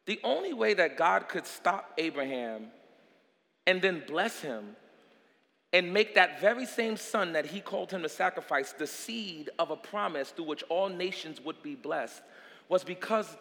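A man preaches a sermon in a strikingly high, bright voice that rings through a hall with a long echo. He swings from hushed, intimate lines to full shouts and repeats key phrases for emphasis. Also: lively intonation, moderate pace, vocal fry.

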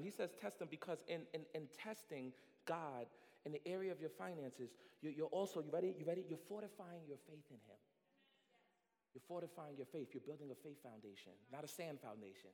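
A man preaching a sermon as pastor, building to shouts with repeated phrases. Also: on the high side, long reverb tail. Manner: preaching with rising shouts and repetition.

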